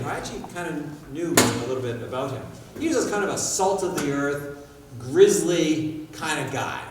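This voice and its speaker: A man giving a public talk in a school hall, telling stories in an animated way, with sound effects. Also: a little high, a little hiss or hum. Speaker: guest speaker. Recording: echoey hall, far mic, faint ambience.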